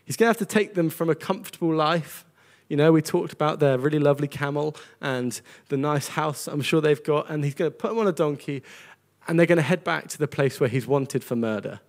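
A man's voice: fairly high pitch, a little fast. A man preaching a sermon to a congregation, earnest and conversational, often repeating words as he goes. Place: church gathering with a congregation.

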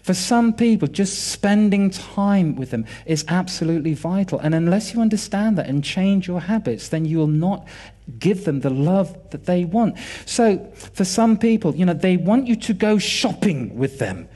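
A man's voice: sits high, lively intonation, normal speed, dark tone. A British man in his forties giving a sermon, telling personal family stories and acting out quoted dialogue with animation.

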